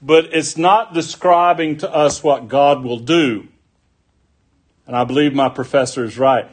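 A man preaching a sermon, deliberate and folksy, mixing scripture with homespun stories. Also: mid-range voice, breathy edge.

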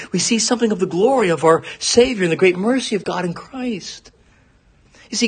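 A man preaching an expository sermon, earnest, repeating words for emphasis and at times dropping to a soft, low voice. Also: breathy edge. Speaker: pastor.

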